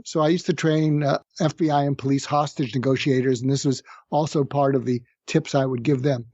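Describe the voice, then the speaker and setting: Calm explanatory man, slightly higher voice. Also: no room sound, dull audio. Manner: calm, explanatory, acts out sample phrases slowly. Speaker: psychiatrist guest. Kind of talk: conversational podcast interview. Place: room with street noise outside.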